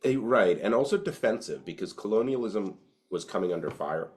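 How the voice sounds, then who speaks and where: A man's voice: lowish voice, lively intonation, brisk, darkish tone. A man co-hosting a podcast, chatting casually and profanely over cigars and whiskey, with plenty of fillers. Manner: laid-back and profane, with frequent fillers. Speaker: podcast co-host. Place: indoors, home podcast setup.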